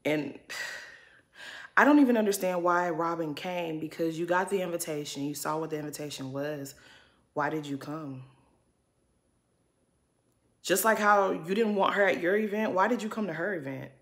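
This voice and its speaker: Sassy woman recapping reality tv to her viewers, bright punchy voice, real blunt. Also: lowish voice, moderate pace, long pauses. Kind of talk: casual recap commentary.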